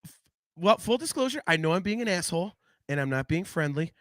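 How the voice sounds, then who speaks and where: A man with a bright, forceful voice pitched a bit high, hosting a casual podcast. He talks in an animated, rambling way and swears freely. The sound is dry and close to the mic. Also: fairly quick, no room sound. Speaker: podcast host.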